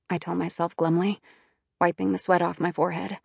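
A woman reading a first-person audiobook in a quiet, inward, subdued manner. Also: on the low side, steady tone, fairly quick, vocal fry, breathy edge, dry recording, studio quality. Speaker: audiobook narrator.

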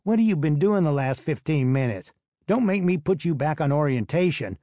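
A man's voice: fairly high pitch, animated, moderate pace, warm tone, no room sound, clean studio sound, voice pushed up, close to an everyday voice. A man voicing a stern, folksy man in charge of teenage boys. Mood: scolding. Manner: authoritative, folksy. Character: stern Southern man running a boys' home.

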